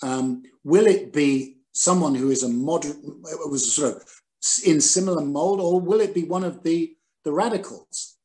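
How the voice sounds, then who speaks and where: Older man analysing world affairs calmly. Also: on the high side. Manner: measured, analytical, with frequent ums and restarts. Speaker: interview guest, former newspaper editor. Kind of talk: conversational interview over video call. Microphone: video call.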